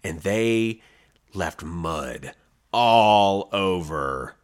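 A man co-hosting a podcast, telling stories in a casual, animated way and laughing often. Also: deep voice, extremely slow. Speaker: podcast co-host. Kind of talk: casual storytelling chat.

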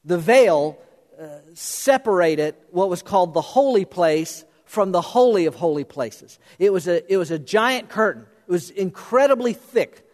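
A male pastor preaching a sermon, animated, swinging between raised emphasis and hushed intensity. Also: high voice, measured pace. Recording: long reverb of a large hall.

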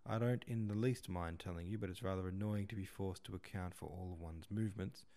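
A man's voice: low-pitched, fairly quick, warm tone. A man reading the lines of a reserved young man who answers stiffly and sullenly.

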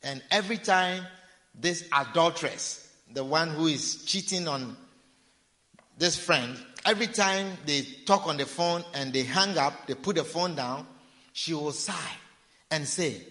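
A man delivers a sermon with insistent repetition, now and then acting out a sinner's pleading. His voice sits a little higher than most men's. The sound carries a long reverb, as in a large church hall. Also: measured pace, sharp tone. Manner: preaching with repetition and acted-out pleading. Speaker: preacher.

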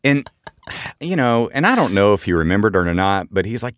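A middle-aged man co-hosting a podcast, telling animated anecdotes in casual chat and jumping up in pitch for quoted voices. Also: fairly quick, no echo, studio quality. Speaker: podcast co-host.

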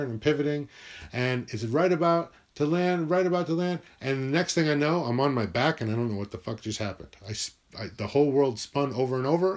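A man telling a personal story from his school days in a wry, profane, animated way. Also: mid-range voice.

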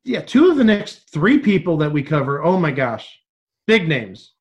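A man's voice: fairly high pitch, very animated, normal speed, lo-fi sound. A man co-hosting a casual podcast chat, making wry joking asides. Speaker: podcast co-host. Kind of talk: casual chat about old TV.

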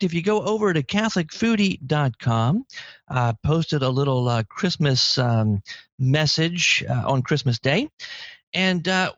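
Chatty animated man hosting a podcast. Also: unhurried, dry recording. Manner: chatty and animated, with sudden jumps in pitch. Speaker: podcast host. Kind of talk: casual podcast chat. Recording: dry, slightly dull lo-fi audio.

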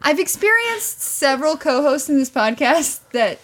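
Woman podcast host, slightly high voice, encouraging, casual. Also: sing-song, moderate pace, fairly bright tone. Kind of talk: casual chat.

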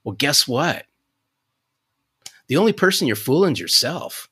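A man in his fifties, a sales coach guest on a podcast, telling a story in an animated, folksy way. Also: medium pitch, a little slow, slightly rough. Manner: animated, restarts sentences, folksy.

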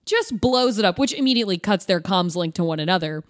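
A woman's voice: mid-range voice, quick pace. A woman co-hosting a podcast, casually recapping a movie with sarcastic, profane asides. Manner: animated, profane, sarcastic retelling. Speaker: podcast co-host. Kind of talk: casual chat recapping a film.

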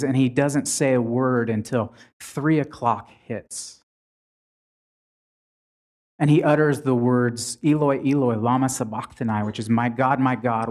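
A man preaching a sermon in a conversational way, retelling scripture with frequent restarts. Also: medium pitch.

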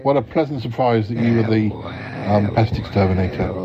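A man's voice: fairly low pitch, a little fast, noisy background. A man hosting an improvised comedy podcast, hesitant and polite, often stammering. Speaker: podcast host. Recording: dull lo-fi recording.

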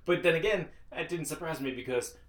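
A man's voice: a little high, a little fast, fairly bright tone. A man co-hosting a podcast in laid-back casual chat, laughing a lot and talking in loose restarts. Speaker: podcast co-host. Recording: roomy echo.

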